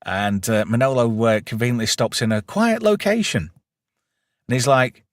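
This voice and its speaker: A man's voice: medium pitch, normal speed, no room sound. Man recapping a film, laughing often. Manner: recaps plot with lively quoted lines and frequent laughs. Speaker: podcast host. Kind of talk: casual film review chat.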